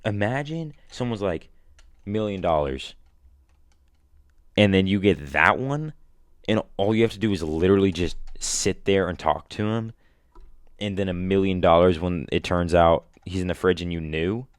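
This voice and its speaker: A man's voice: low-pitched, normal speed, clear, resonant tone, dry recording. A young man rambling casually to a listener in a slangy way, bursting out now and then. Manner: slangy, rambling, animated outbursts. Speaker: vlogger.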